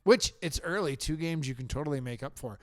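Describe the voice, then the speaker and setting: Another male co-host, his voice on the high side and a bit bright, speaks a little fast as he makes confident, opinionated calls on football picks and trades in relaxed sports talk.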